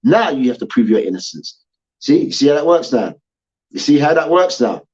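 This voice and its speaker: A man rants about sport, swearing and hammering the same points over and over. His voice sits a little high for a man. The recording sounds dull and lo-fi. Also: very animated, brisk, a little mellow. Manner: swearing, repetitive, mocking chants. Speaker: sports debate show host. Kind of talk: heated sports rant.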